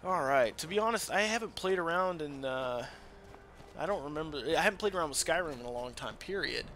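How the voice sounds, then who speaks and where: Loud, excitable man narrating gameplay. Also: on the high side, fairly quick, a little hiss or hum. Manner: loud, excitable, swings between yelling and quiet; crude, joking asides. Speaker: let's play host. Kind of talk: casual gameplay commentary. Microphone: desk microphone that peaks. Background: game audio.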